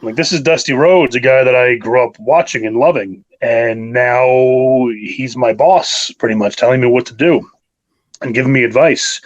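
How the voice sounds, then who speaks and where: An enthusiastic man in his thirties from New York, talking through his memories in a loose, rambling way, full of fillers and restarts. His voice sits at an ordinary middle pitch for a man. He sounds like a guest chatting into a podcast mic. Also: dull audio. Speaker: wrestler guest. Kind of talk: casual interview.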